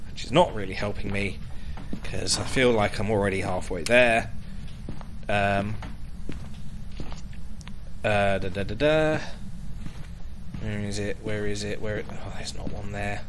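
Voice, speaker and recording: A man's voice: lowish voice, slow, long pauses, a bit bright, slight background noise. A young man streaming a horror game, muttering to himself, jumpy and swearing often. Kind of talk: casual gaming commentary.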